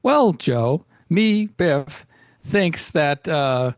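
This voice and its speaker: A man's voice: a little high, animated, dry recording, highs cut off. A man putting on dopey, stumbling Biff. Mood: self-important. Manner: halting, stumbling, talks of himself in third person. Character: dopey adult male co-host calling himself Biff.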